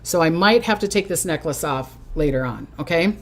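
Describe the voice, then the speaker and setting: A woman's voice: low voice, lively intonation, moderate pace, noisy background. Bubbly, hyper older woman. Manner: chatty, bubbly, giggly. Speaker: psychic host. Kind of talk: casual livestream chat. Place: home, in a recliner.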